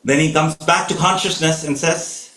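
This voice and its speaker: A man's voice: on the high side, steady tone, normal speed, pushed and bright, slight background noise. A man telling a scripture story at a home gathering, earnest and often restarting his phrases. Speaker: spiritual storyteller. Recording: echoey room.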